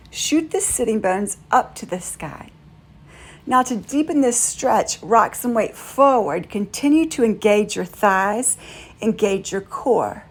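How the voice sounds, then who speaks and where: A woman yoga instructor giving calm, steady step-by-step cues through a guided class. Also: fairly high pitch.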